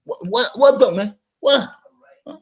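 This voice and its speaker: A man voicing a pushy, needy male drinking buddy who whines in a high, pleading voice. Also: measured pace, slightly rough, exaggerated voice. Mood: whining.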